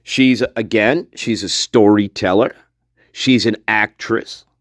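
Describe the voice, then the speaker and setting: A man's voice: on the low side, takes it slowly, dry recording, clean studio sound. A man hosting a casual true-crime commentary video, blunt and mocking, swearing freely and chuckling between remarks.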